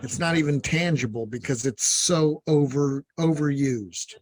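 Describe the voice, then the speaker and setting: Male podcast co-host, voice a bit high, blunt and exasperated. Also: unhurried. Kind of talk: comedic podcast banter.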